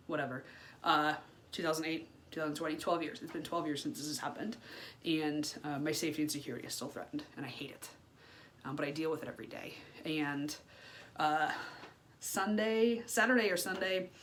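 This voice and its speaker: Brief: woman in her thirties, candid vlog monologue, low-ish voice, blunt and profane, faint hiss behind her. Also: fairly bright tone. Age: 30s. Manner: frank and unfiltered, swears freely, many fillers. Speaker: vlogger.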